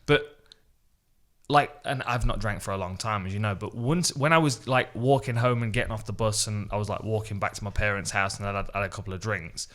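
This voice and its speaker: Male co-host, crisp bright tone, easygoing storyteller. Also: on the low side, brisk. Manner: relaxed, self-deprecating, repeats words. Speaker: podcast co-host. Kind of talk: casual chat.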